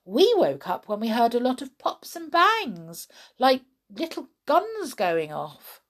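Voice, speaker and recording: A woman's voice: huge pitch swings, takes it slowly, heavily acted. A woman voicing startled young children calling out in alarm in a storybook reading. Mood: earnest. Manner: shrill, alarmed.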